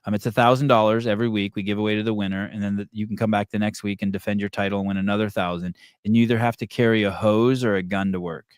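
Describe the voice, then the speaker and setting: A man's voice: on the low side, level tone, quick pace, hardly any pauses, clear, resonant tone, dry recording, studio quality. A man hosting a podcast, chatting loosely with fillers, profanity and jokes. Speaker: podcast host. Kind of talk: casual chat.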